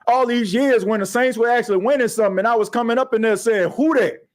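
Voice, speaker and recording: A man hosting a sports podcast, talking in an animated, slangy way and reacting to viewer comments. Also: extremely high pitch, fast. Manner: animated, slangy, reads chat comments aloud. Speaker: podcast host.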